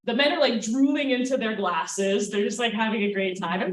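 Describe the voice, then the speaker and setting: A woman's voice: a little high, lively intonation, a little fast, few pauses, distant mic. Woman, storyteller, self-mocking, casual fillers, roomy venue sound, away from the mic. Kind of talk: live storytelling. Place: event space with audience.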